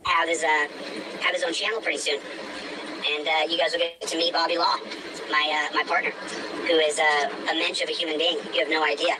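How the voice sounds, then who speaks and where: A man's voice: fairly high pitch, flat delivery, fairly quick, recorded from a distance. Man talking from a noisy car.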